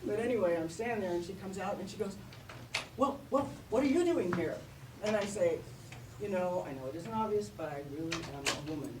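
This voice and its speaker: A woman's voice: mid-range voice, fast talker. An older woman doing stand-up comedy, telling self-deprecating stories and laughing at her own punchlines. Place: comedy venue with live audience. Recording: roomy, distant mic, noisy audience.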